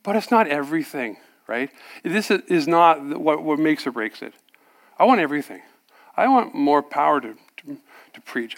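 A man preaching a sermon, telling his own story with lively acted-out dialogue and frequent laughter. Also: a little high, moderate pace, creaky. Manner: animated storyteller, acts out dialogue, laughs often. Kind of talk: sermon testimony.

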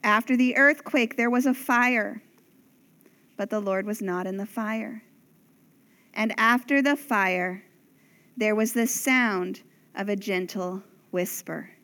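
A woman preaching a sermon, speaking slowly and dramatically and sometimes dropping to a whisper for emphasis. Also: medium pitch, fairly bright tone.

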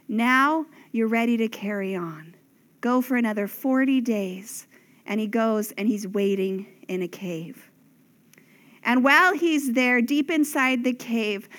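Female preacher, high pitch, unhurried dramatic delivery with whispered emphasis. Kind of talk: sermon.

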